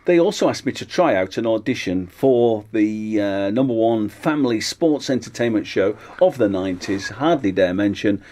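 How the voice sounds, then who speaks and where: A man's voice: on the low side, lively intonation, normal speed, few pauses, a little mellow. A man, a comedian guest on a radio show, telling wry anecdotes with plenty of fillers. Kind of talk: casual interview chat.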